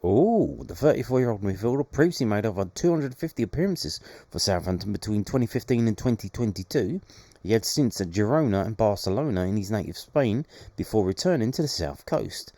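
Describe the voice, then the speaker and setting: Low-voiced man reading football news. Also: lively intonation, brisk, warm tone, no echo. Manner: reads news with sarcastic asides. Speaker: podcast host. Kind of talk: casual daily news podcast.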